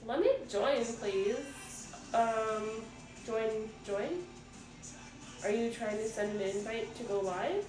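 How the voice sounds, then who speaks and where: Hosting a casual livestream, a woman from Ontario, Canada, in her thirties reads viewer comments aloud and swears freely. She speaks slowly with long pauses, her voice a little high and darkish in tone. The mic is distant in a roomy room, and music plays in the background.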